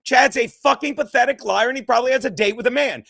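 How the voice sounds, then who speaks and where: A man co-hosting a gossip livestream, ranting fast and brashly with lots of swearing. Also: very high voice, gravelly, pushed and bright, dry recording, clean studio sound. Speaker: livestream co-host.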